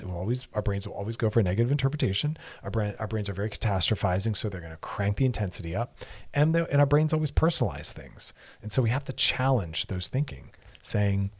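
A man's voice: fairly low pitch, husky. A man hosting a radio advice show, explaining in an earnest way and often acting out short quoted exchanges. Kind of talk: casual advice talk on radio.

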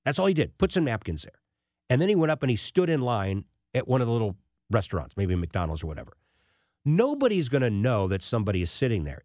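A man hosting a talk radio show, telling a personal story in an animated way and acting out the people he quotes. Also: medium pitch, dry recording, clean studio sound.

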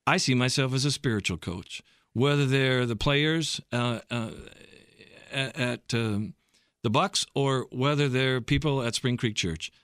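A man's voice: medium pitch, unhurried, a bit bright, smooth, dry recording, studio quality. A man, a pastor, answering interview questions earnestly and reflectively.

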